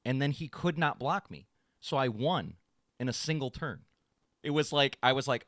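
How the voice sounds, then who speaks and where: A man co-hosting a casual podcast, telling a long story in an animated way and acting out quotes in a raised voice. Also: mid-range voice, normal speed, no echo. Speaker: podcast co-host. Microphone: studio podcast mic.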